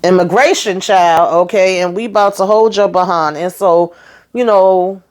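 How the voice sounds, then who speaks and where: She recaps a TV episode in a casual, lively, talkative way, replaying scenes and calling listeners "honey" and "child." Her voice is medium-pitched, at a moderate pace.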